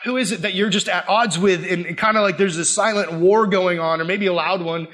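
A young man preaching a sermon as pastor, animated, swinging from loud acted-out quotes to quiet, earnest asides. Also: high voice, fairly quick.

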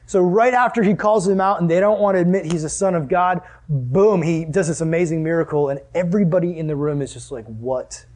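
A young man preaching a sermon as a youth pastor, animated, acting out scenes and asking the audience questions. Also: sits high, quick pace, hardly any pauses. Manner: animated, acts out scenes with sudden exclamations and laughs.

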